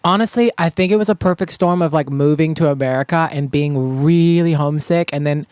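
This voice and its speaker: A man's voice: on the high side, a little fast, a little mellow, clear, resonant tone, dry recording, studio quality. A man from England, a guest songwriter, telling stories in a casual, self-deprecating way. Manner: chatty, self-deprecating, storytelling. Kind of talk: casual chat.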